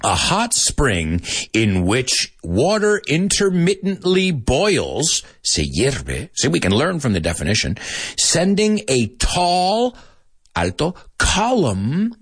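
Male English teacher, husky low voice, very expressive delivery, dry sound. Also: slow pace, no room sound. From United States. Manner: animated, mixing in Spanish asides. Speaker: English teacher and show host. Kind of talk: casual live-stream lesson.

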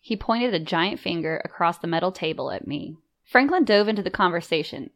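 A woman reading a story aloud in measured, composed first-person narration. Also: fairly low pitch, expressive. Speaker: audiobook narrator.

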